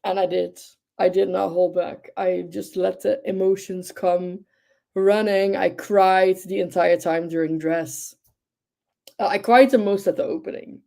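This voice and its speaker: A woman's voice: lowish voice, fairly even intonation, measured pace, vocal fry, mellow. A young woman hosting a livestream, chatting casually and gushing with enthusiasm, with lots of fillers. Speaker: livestream host. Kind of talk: casual chat.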